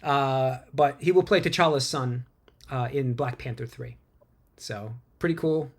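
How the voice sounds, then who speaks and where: A man hosting a casual movie news podcast from home, rambling and tripping over names, quick to laugh. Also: medium pitch. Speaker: podcast host.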